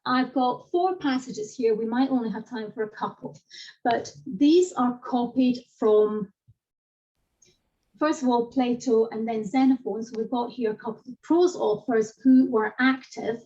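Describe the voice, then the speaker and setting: A middle-aged woman teaching an online classics seminar, explaining pronunciation in a lively way and speaking directly to her participants. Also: fairly high pitch, unhurried. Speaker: classics lecturer. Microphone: video call. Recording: distant, dull lo-fi video call audio.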